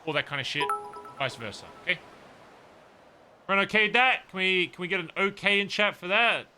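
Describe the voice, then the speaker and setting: A man's voice: high-pitched, animated, fairly quick, pushed and bright, clean tone, faint music behind. A man streaming a roleplay game, talking casually to his viewers and often checking in with them. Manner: chatty, addresses viewers directly, frequent "okay?". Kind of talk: casual end-of-stream chat.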